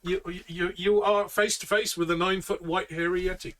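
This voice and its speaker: A man's voice: sits high, flat delivery, moderate pace, fairly bright tone, distant mic, slight background noise, low-quality recording. A man running a tabletop game from his bedroom, narrating and joking playfully. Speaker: game master. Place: bedroom at home.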